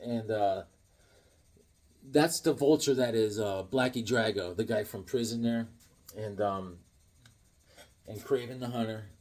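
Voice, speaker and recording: A middle-aged man chatting casually as he shows off his comic books, telling stories in a lively way and laughing often. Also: lowish voice, a little slow, pauses often. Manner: animated storyteller, laughs often, acts out voices. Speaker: comic book collector vlogger. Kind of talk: casual chat showing comics.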